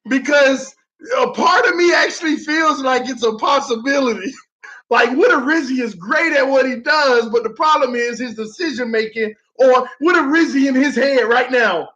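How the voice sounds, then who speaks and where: A man with a strikingly high voice calls plays and reacts to a live football game, excitable and theatrical, slipping into slang and loud groans. The stream audio sounds dull and lo-fi, with muffled highs. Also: normal speed.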